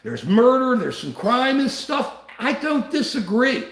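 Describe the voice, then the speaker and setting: Impassioned older man, lively and high. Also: measured pace, creaky, echoey room. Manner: impassioned, reads and answers viewer comments. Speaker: livestream host. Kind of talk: live-stream political talk.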